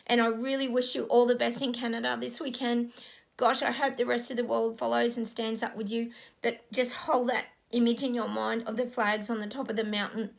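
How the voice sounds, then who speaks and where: A woman, a psychic, giving an earnest, emotional spiritual message in a vlog, halting and repeating her phrases. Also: on the high side, vocal fry.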